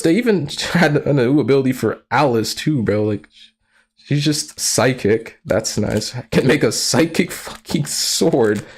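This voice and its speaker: A streamer giving casual live commentary, slangy and profane, who laughs often and breaks into excitable outbursts. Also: medium pitch.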